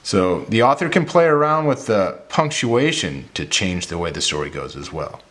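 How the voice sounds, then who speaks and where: A teacher talking children through a reading and drawing lesson, patient and step by step, with playful demonstrations. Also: male voice, lowish voice, very animated, moderate pace, fairly bright tone.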